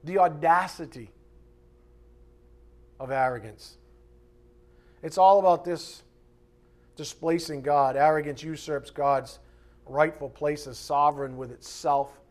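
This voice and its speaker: A man preaching an expository sermon, animated, mocking the voices of his opponents and shouting for emphasis. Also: on the high side, slow pace, long pauses.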